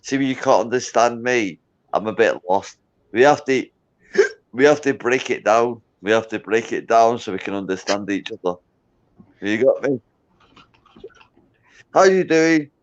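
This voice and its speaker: A man's voice: medium pitch, lively intonation, measured pace, pauses often. A Scottish man, tipsy with hiccups, rambling in boisterous drunken banter as a guest on a livestream. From Scotland. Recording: dull lo-fi sound.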